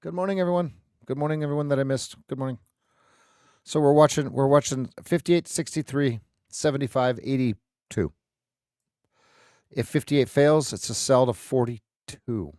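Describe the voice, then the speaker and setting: A man's voice: mid-range voice, steady tone, moderate pace, long pauses, darkish tone, dry recording. A man hosts a live trading session and reads off price levels. He repeats numbers and restarts mid-sentence. The sound is dry and close, with no room around it. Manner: repetitive, thinks aloud with restarts. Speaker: trading stream host. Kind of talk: live market commentary.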